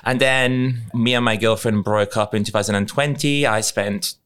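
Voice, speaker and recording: A man's voice: mid-range voice, steady tone, normal speed, a bit bright, smooth. A man in his thirties, from Italy, who grew up bilingual with an English mother, speaks with a slightly British-tinged accent and chats playfully as a podcast guest. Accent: Italian-English bilingual, slightly British. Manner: playful, flirty storyteller. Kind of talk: casual chat.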